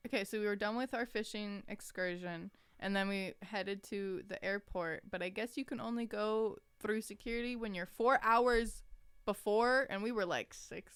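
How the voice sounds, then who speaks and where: A woman's voice: mid-range voice, moderate pace, fairly bright tone, clear, resonant tone, no room sound. A woman co-hosting a podcast in laid-back casual chat, recounting a trip and a work annoyance. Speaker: podcast co-host.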